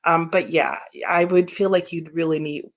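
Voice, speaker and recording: A woman's voice: sits low, steady tone, moderate pace. A woman hosting a live reading sprint stream, chatting casually and answering viewers' comments. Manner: chatty, laughs often, reads viewer comments aloud. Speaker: livestream host.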